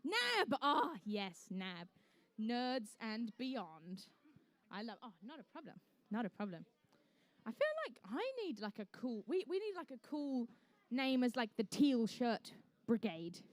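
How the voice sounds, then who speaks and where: A woman's voice: fairly high pitch, big pitch swings, measured pace. A young woman emceeing a live competition, chatty and jokey with the teams as she calls the action. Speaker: event emcee and commentator. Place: indoor conference venue.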